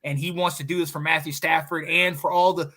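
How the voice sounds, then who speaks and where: A man's voice: a little high, level tone, brisk, sharp tone. A man co-hosting a casual football chat, joking and bantering playfully. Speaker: co-host.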